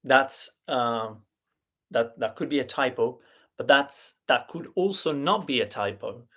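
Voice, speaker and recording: Male teacher, mid-pitched, unhurried; live online lesson, deliberate and sound-by-sound. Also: expressive, pushed and bright. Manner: slow, deliberate explaining with fillers and restarts; spells out letters and sounds one by one. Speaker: Italian teacher.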